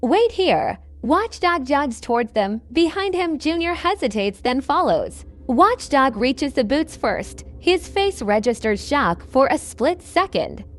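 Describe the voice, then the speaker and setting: Slow-reading woman horror storyteller. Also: sits high, sing-song, dry recording, soft background music. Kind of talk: scripted horror narration.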